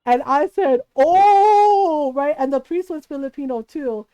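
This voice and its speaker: A woman's voice: high-pitched, normal speed, warm tone, no room sound, poor audio. A woman streamer telling a family story in casual chat, swearing freely and tagging lines with "right?".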